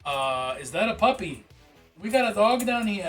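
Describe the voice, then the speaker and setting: Guy on a stream reading tabletop rules out loud and riffing on them, kinda high bright voice, swears a bit, faint music behind. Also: sing-song, moderate pace. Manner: reads game rules aloud, then reacts with casual, swearing asides. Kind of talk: casual livestream commentary.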